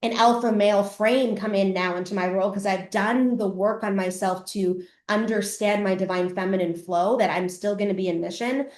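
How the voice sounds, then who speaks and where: A woman's voice: mid-range voice, fairly even intonation, moderate pace, hardly any pauses, a little mellow. A middle-aged Canadian woman, a podcast host and coach, telling a personal story in a live masterclass. She talks candidly, swears freely and acts out her past self. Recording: echoey room.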